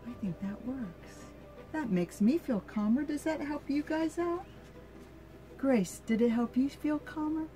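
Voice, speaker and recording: An older woman reading a picture book aloud to her grandchild, slow and gentle, stopping to ask the child questions. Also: sits high, expressive, faint music behind.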